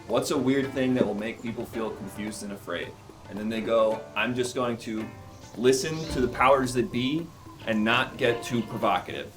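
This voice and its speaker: A man performing improvised comedy as a rude, profane male golfer who brags about working for the CIA. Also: close to an everyday voice. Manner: brash and profane, low mutter.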